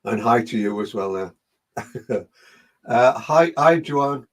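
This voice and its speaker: A man's voice: medium pitch, expressive, slow. Geordie man, spiritual medium, chatty live-stream host, mid-range voice. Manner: chatty, greets viewers by name. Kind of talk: live online reading session.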